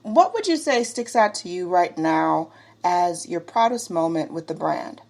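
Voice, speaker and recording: A woman's voice: fairly low pitch, lively intonation, unhurried, vocal fry, a little mellow. A woman hosting an interview, enthusiastic and gushing, with casual slang. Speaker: podcast host.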